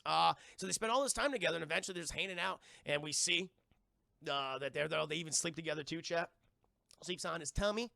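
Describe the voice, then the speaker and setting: A man reviewing a cartoon on a live stream, animated and profane, often repeating himself. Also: fairly high pitch, quick pace, vocal fry, no room sound, studio quality. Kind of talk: casual live-stream commentary.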